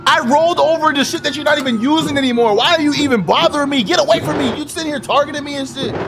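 A man giving loud, profane, excitable commentary over his car game, with quick shouted outbursts. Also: very high voice. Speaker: gaming YouTuber. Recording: noisy game audio behind the voice.

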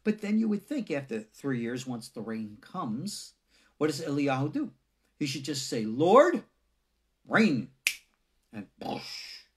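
A man lecturing as a rabbi in a loose, conversational way, putting rhetorical questions to his listeners. His pitch swings widely as he acts out quoted lines, and now and then he sinks to a near-whisper. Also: very animated, normal speed, a little mellow, husky. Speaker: rabbi teaching a lesson.

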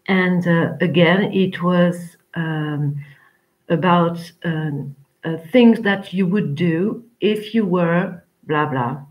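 A woman teaching an English class online, chatty and rambling, with frequent pauses as she talks to her students. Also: on the low side, a little mellow, low-quality recording.

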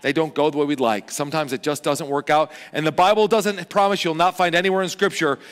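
A man in his thirties preaching a sermon as pastor, chatty and joking, with lively swings in pitch and loudness. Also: fast talker. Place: large church auditorium. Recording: long hall reverb.

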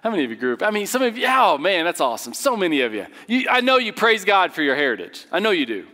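A man preaching a sermon as pastor, moving between loud emphatic passages and quiet, low ones. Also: sing-song, fast talker. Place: church sanctuary. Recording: long hall reverb.

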